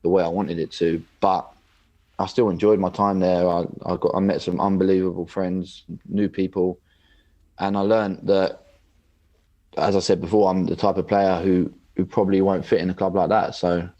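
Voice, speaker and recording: A young adult man, a footballer on a podcast, telling stories in a relaxed, rambling way full of "like". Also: deep voice, normal speed, lo-fi sound. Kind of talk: casual interview chat.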